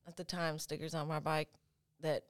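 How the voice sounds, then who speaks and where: A woman guest on a podcast, telling a story in a casual, animated way, full of fillers and quick laughs. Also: low-pitched.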